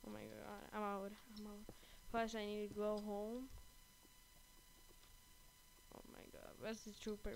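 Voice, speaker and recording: A woman giving excited gameplay commentary, gasping and repeating her exclamations often, with her face kept off camera. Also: medium pitch, unhurried, vocal fry, long pauses, a little hiss or hum, poor audio. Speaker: gaming channel host. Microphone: off-camera voice-over during gameplay.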